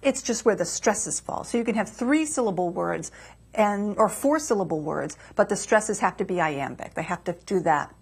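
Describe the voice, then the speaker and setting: A woman's voice: medium pitch, animated, normal speed, creaky, breathy edge. A woman poet on a community TV show, reading her poem aloud and patiently explaining verse form in a studio. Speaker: poet and guest author.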